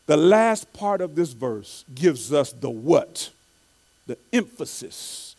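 Male preacher with a high voice, delivers a sermon, repeats key lines, restarts often. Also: lively intonation, darkish tone. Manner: repeats key phrases for emphasis, reads quotes slowly.

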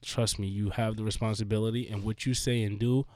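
A man hosting a podcast in casual chat, rambling and emphatic with many restarts, his voice a little hoarse. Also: lowish voice, level tone, a little fast, darkish tone, no room sound. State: slightly hoarse. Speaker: podcast host.

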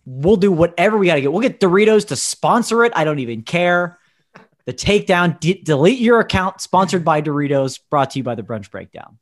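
Guy on a podcast going off, super lively up and down voice, emphatic. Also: high voice, brisk. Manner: emphatic, indignant ranting. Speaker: podcast co-host. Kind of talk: casual chat.

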